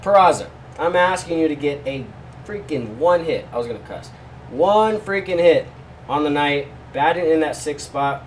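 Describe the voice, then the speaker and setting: A man's voice: a little high, moderate pace, recorded from a distance, rough recording. A chatty man runs through his betting picks in a loose, joking way, tossing off asides to his viewers. His voice sits a little back from the mic in a room at home. A faint air-conditioner hum runs underneath. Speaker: sports betting host. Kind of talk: casual betting picks vlog.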